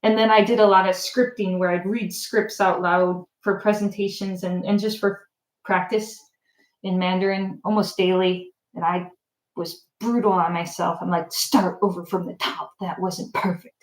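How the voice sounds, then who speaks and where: A woman from Michigan chatting casually on a livestream, animated and laughing often as she answers viewer comments. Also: medium pitch, normal speed, echoey room, low-quality recording. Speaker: language YouTuber.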